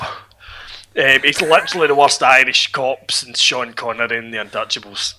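A man's voice: medium pitch, normal speed, bright, forceful tone. A middle-aged man, recapping a film in casual, sweary, rambling chat with chuckles. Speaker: podcast co-host.

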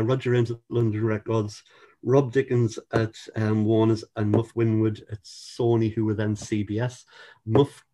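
An older man in his sixties with a mellow, warm voice tells stories from his career in a loose, chatty way. He keeps restarting sentences and circling back, and drops a casual swear word now and then. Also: mid-range voice. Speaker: musician being interviewed. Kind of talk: casual anecdotal chat.

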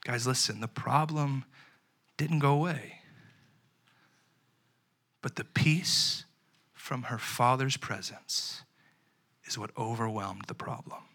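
A young man preaching a sermon, switching between lively storytelling and hushed, earnest moments. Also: mid-range voice, takes it slowly, long pauses. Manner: animated preaching that swings between loud and hushed; casual, chatty storytelling with fillers. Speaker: pastor.

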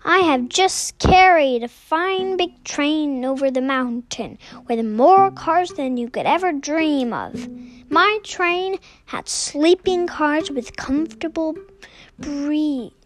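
A snooty storybook passenger engine, as a woman puts him on, high and disdainful. He talks slowly and looks down on everyone. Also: expressive. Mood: haughty. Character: haughty proud male passenger engine.

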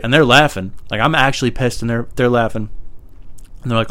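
A man's voice: fairly even intonation, fast, a bit bright, no room sound. A man hosting a podcast, telling a story casually, full of fillers, his voice jumping up when he quotes himself, on a small cheap mic at home. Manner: rambling, filler-heavy, jumps higher when quoting himself. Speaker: podcast host. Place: home room with broken air conditioning. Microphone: small cheap microphone.

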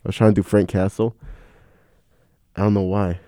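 A man's voice: on the low side, little pitch movement, moderate pace, mellow, no echo, clean studio sound. A young man co-hosting a podcast in casual chat, laughing often and calling his friend bro. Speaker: podcast co-host.

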